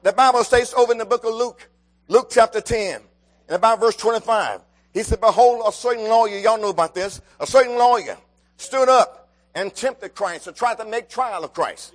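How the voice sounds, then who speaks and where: High-voiced preacher calling out. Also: male voice, moderate pace. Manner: calls out to the congregation, rising and falling emphasis. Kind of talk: sermon.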